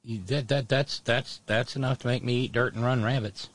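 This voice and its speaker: A man hosting solo political commentary, sardonic and halting, often restarting his words. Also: medium pitch, steady tone.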